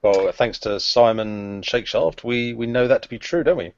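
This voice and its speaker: A man's voice: medium pitch, moderate pace, creaky. A man co-hosting a podcast, leading the casual chat with lots of ums and uhs. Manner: chatty, hesitant with frequent ums and uhs. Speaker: podcast co-host leading the discussion. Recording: dry, dull lo-fi sound.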